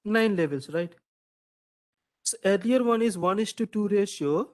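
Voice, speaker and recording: A man's voice: high-pitched, animated, unhurried, darkish tone. A man teaching a classroom lecture, quizzing students, repeating their answers and asking "right?" again and again.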